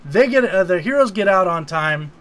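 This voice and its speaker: Male co-host, higher register, lively casual recapper who acts out quotes. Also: normal speed. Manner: animated retelling, quotes lines in put-on voices. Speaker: podcast co-host. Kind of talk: casual movie recap chat.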